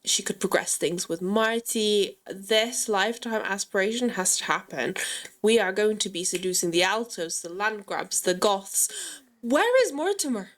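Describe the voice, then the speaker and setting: A woman giving chatty, excitable gameplay commentary and talking straight to her viewers. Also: mid-range voice, normal speed. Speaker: gaming channel host.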